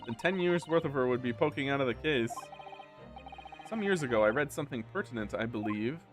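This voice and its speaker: A man reading aloud the lines of a pompous, eccentric gentleman detective in a game, in a grandiose, theatrical manner. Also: medium pitch, animated, brisk, lightly acted.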